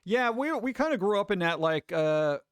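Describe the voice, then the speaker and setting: A man's voice: high-pitched, animated, normal speed, clear, resonant tone, dry recording. A man hosting a livestream, rambling through casual chat and acting out other people's voices. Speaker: livestream host.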